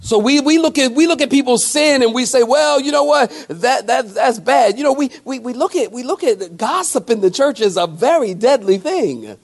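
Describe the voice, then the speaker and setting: Folksy high-voiced preacher man. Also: expressive. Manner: folksy, conversational preaching with call-and-response asides; shifts between slow emphatic scripture lines and quick joking asides. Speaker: pastor. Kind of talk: sermon.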